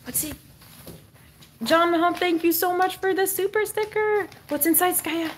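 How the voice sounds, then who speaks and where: A faint hiss runs under this pet channel host's high voice as she streams live from inside her home. At a moderate pace, she thanks viewers and sweet-talks her dog in a bubbly, sing-song baby voice.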